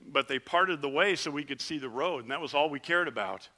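Briskly and in a voice on the high side, a man plays one of the ten lepers, narrating in the first person as a dramatic sermon. Earnest and vivid, he shouts out the plea, then hushes.

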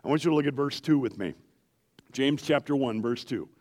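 A middle-aged man preaching a sermon in a church, animated and asking the congregation questions as he goes. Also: medium pitch, fairly quick. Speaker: pastor.

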